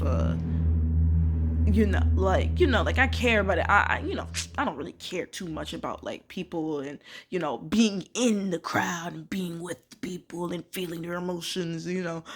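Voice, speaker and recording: A young woman ranting casually to camera, filling her talk with "like" and swearing, swinging from quiet musing to loud disbelief. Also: on the low side, gravelly. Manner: emphatic, swears, many filler "like"s. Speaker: vlogger.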